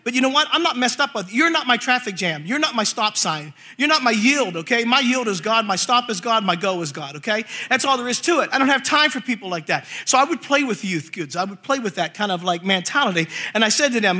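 A male preacher telling a funny story in a sermon, animated and acting out voices, laughing as he goes. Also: high-pitched, a little fast.

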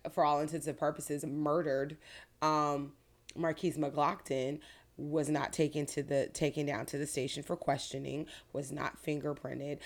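A woman from Florida, an attorney, lays out events in earnest detail. Her voice sits very low. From Pinellas County, Florida. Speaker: guest attorney. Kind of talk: interview answers.

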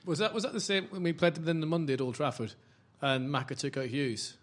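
A man's voice: on the high side, fairly even intonation, fast. A man co-hosting a casual football podcast, joking and rambling in banter. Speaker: podcast co-host.

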